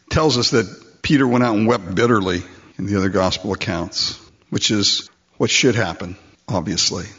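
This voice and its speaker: A man preaching a sermon, animated and acting out the voices in the story. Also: fairly low pitch, husky. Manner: animated, acts out voices in quotes. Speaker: pastor. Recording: dull lo-fi recording.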